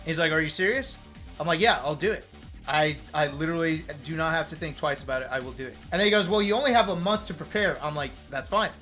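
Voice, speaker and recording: A man in his thirties, a streamer, casually telling a story to his chat, animated and joking, acting out what others said. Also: a little high, fast, soft background music. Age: 30s. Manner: animated, joking, acts out quoted lines.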